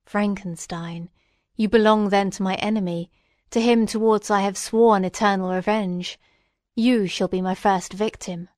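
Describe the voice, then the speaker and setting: Bitter outcast creature read by a woman, slow, grave, close and dry. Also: mid-range voice, fairly even intonation, darkish tone, dry recording, lightly acted. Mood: menacing. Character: lonely vengeful male creature, bitter.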